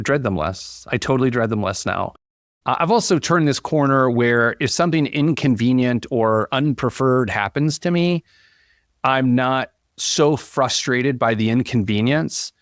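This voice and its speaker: An upbeat man talks as a guest on an interview podcast and tells stories with lively energy, his pitch bouncing up as he gets going. The sound is close and dry, with no room around it. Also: moderate pace, no room sound. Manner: animated storyteller, upbeat and chatty. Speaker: company founder and CEO, podcast guest. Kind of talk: casual interview conversation.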